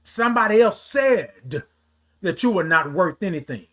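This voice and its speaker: A man's voice: high voice, lively intonation, moderate pace, pushed and bright. A man hosting a morning livestream, greeting viewers by name and giving them a heartfelt motivational talk. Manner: preachy, talks straight to viewers, greets commenters. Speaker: livestream host.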